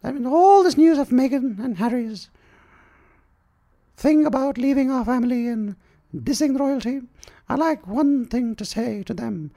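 A man voicing an elderly queen in a high falsetto, giving a grand public address that turns crude. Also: measured pace, vocal fry, mellow, full character voice. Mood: regal, crude. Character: elderly queen, regal and bluntly foul-mouthed.

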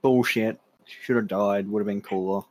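A man's voice: fairly low pitch, steady tone, normal speed, darkish tone, dry recording. A man co-hosting a casual podcast, making sarcastic quips and swearing. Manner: sarcastic, swearing, mock dramatic. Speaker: podcast co-host. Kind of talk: casual chat.

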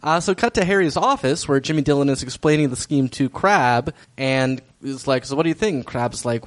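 A woman co-hosting a podcast in casual chat, easygoing and laughing a lot, recapping plot with quick quoted voices. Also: rumbling low. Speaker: podcast co-host.

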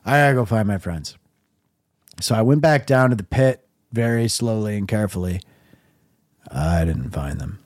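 A man's voice: expressive, moderate pace, long pauses, darkish tone, no echo. Man, middle-aged, casual storyteller, wry, laid-back, dry close sound. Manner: wry, laid-back, quotes himself in a low mumble. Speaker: podcast host.

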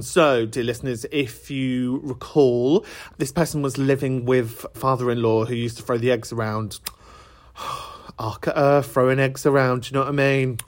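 A man hosting a podcast, chatting casually and reacting to voicemails with bursts of laughter. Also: medium pitch. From England. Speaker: podcast host. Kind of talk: casual chat answering voicemails.

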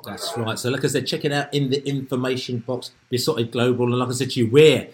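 A man hosting a football podcast at a rapid clip, words tumbling out in an excitable ramble. He keeps circling back on himself with stock phrases. His voice sits at an ordinary middle pitch. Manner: excitable, rambling, repeats "like I said to you". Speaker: podcast host. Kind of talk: casual podcast chat. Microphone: remote call.

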